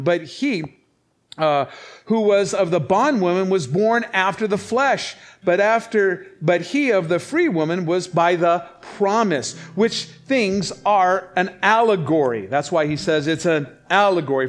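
Male preacher, high voice, chatty sermon delivery with scripture readings and rhetorical questions. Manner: conversational preaching, reads scripture aloud, asks rhetorical questions. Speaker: pastor.

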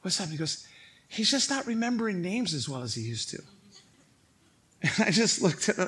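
A male pastor preaching a sermon, telling stories in an animated way and acting out other people's lines, laughing at his own stories. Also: high-pitched, normal speed, long pauses, breathy edge.

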